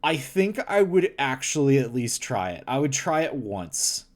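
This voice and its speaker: Laughing, slow-talking male streamer. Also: medium pitch. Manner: excitable, laughs often, swears, exclaims in mock horror. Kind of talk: casual livestream chat.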